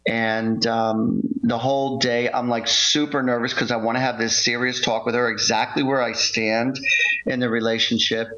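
A man's voice: medium pitch, level tone, moderate pace, a bit bright. A man telling a personal story in casual conversation as a guest, rambling, repeating himself and restarting his sentences. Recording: muffled lo-fi audio.

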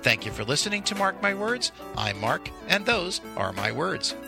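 A man, the show's host, reading a scripted sign-off smoothly, with web addresses and a goodbye. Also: high voice, very animated, moderate pace. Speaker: radio show host. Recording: outro with music behind.

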